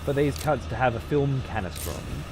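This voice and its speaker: A man's voice: medium pitch, lively intonation, fairly quick, background noise. A man giving casual, profane commentary while playing a game, sarcastic and talking to himself and his chat. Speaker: gameplay streamer.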